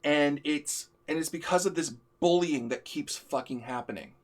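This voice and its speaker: Speaking at a moderate pace in a slightly high voice, this live-stream host goes on a heated rant, swearing and emphatic as he vents.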